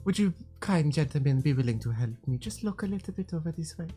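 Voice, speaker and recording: A woman's voice: low-pitched, animated, quick pace, mellow, faint music behind. A woman playing an overly polite, scheming lady sweet-talking guards in a tabletop game. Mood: sugary.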